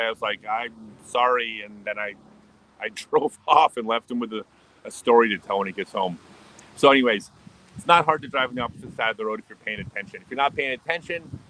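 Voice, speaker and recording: An animated man from the United States hosts a casual livestream. He laughs often and rushes through restarts and quick asides. His voice is bright and forward, with a faint hum of noise in the room behind him. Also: medium pitch, poor audio. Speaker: livestream host. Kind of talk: casual storytelling and answering chat. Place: home in Australia, livestream.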